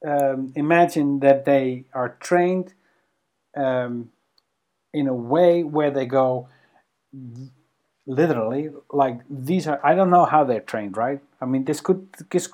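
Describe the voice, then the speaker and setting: A man co-hosting a podcast in casual conversation, animated and halting, with many ums and restarts. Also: medium pitch. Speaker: podcast co-host.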